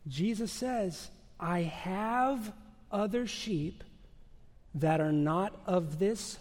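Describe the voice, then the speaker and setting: A male pastor preaching a sermon with emphatic, measured delivery, rhetorical questions and dramatic pauses. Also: sits high, big-room sound.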